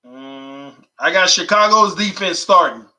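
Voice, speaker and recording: A man hosting a sports fan channel, chatting casually and excitedly with his viewers and reading their comments aloud. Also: a little high, measured pace, rough recording. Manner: excited, informal, talks to viewers as y'all. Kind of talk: casual vlog chat reading live comments.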